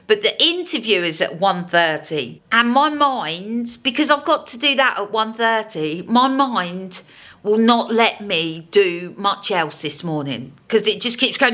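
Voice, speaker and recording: A woman's voice: medium pitch, sharp tone. A woman vlogging in a chatty, self-deprecating way about her day. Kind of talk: casual vlog narration.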